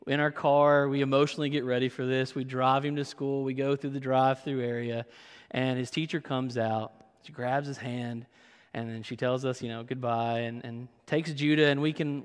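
A man's voice: medium pitch, smooth. A young man from Kentucky, preaching a sermon as pastor and telling humorous family stories. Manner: humorous storytelling. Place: church sanctuary. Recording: long hall reverb.

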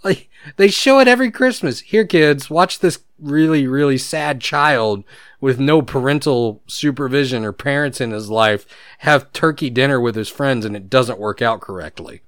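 A man's voice: medium pitch, expressive, moderate pace, fairly bright tone, no room sound, studio quality. A man co-hosting a casual podcast, telling rambling stories and laughing often. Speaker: podcast co-host.

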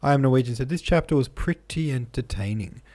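A man hosting a podcast in a relaxed, chatty way, reading out listener comments with frequent ums, troubled by hiccups. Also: medium pitch, a little fast. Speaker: podcast host.

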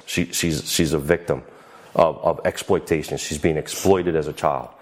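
A man speaking haltingly and earnestly in an emotional TV interview clip. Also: very deep voice, fairly even intonation. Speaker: father interviewed on a talk show clip.

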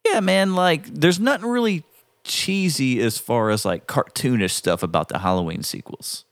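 A man's voice: fairly high pitch, lively intonation, normal speed, clean tone, dry recording, clean studio sound. A man co-hosting a podcast, chatting casually and agreeing in short bits. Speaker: podcast co-host. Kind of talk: casual chat.

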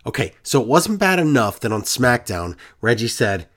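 In a casual recap chat, a wrestling podcast co-host rants on and on, sarcastic, fed up and exasperated. His ordinary mid-pitched voice swings up and down with lively inflection at a moderate pace.

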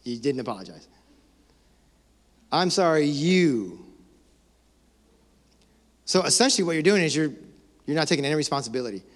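Man, pastor, sermon, slightly high voice, animated, mock-quoting, echoing sanctuary. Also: rapid-fire. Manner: animated, mock-quotes excuses, laughs often. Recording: long hall reverb.

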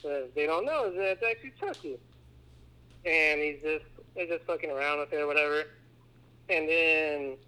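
Bright-voiced man recapping a movie. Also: a little high, clear, resonant tone, rough recording. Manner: acts out characters in quick put-on voices. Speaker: podcast co-host. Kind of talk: casual movie recap chat.

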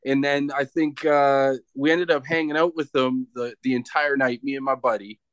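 A man's voice: mid-range voice, steady tone, normal speed, no room sound. A man from Canada, a wrestler being interviewed, telling a story in a rambling, casual way with many restarts. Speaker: professional wrestler, guest.

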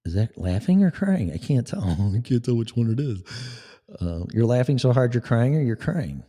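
A man's voice: mid-range voice, big pitch swings, normal speed, dark tone. A man hosting a live talk show, speaking in a blunt, sarcastic, rambling way. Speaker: podcast host. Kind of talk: casual live-show monologue.

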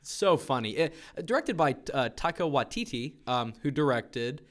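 A man's voice: medium pitch, sing-song, moderate pace. Joking man co-hosting a podcast. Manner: upbeat, joking, with frequent fillers. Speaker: podcast co-host. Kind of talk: casual movie chat.

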